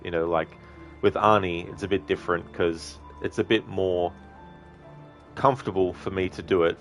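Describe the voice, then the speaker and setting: A man with a notably low, deep voice chats casually with his viewers while he plays a video game live, rambling through his answers. Faint game music plays behind him. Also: fairly even intonation, moderate pace. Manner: rambling, talkative, answers chat directly. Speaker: gaming streamer. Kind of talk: casual live-stream chat while playing.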